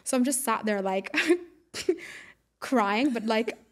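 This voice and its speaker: A woman in her late twenties or thirties, a podcast guest chatting casually, upbeat and quick to laugh, acting out what people said. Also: fairly high pitch. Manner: upbeat, laughs often, acts out quotes. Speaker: podcast guest, air traffic controller. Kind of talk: casual interview chat.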